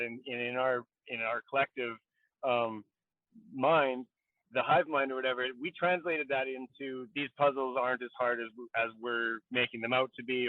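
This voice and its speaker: A man co-hosting a podcast thinks aloud in casual chat, restarting often. His mid-range voice has no echo and comes through a tinny, dry, phone-like line.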